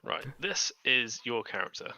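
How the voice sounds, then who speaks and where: Joker player, man, gravelly and sharp-edged, voice swings wildly, lo-fi call sound. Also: mid-range voice, sing-song, normal speed. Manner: crude, teasing jokes. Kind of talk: casual banter at a game table.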